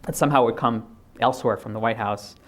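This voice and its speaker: A man's voice: medium pitch, quick pace, a bit bright. A man giving a keynote lecture on political history, reading out quotes and speaking with frequent fillers and restarts. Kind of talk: academic lecture. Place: lecture hall.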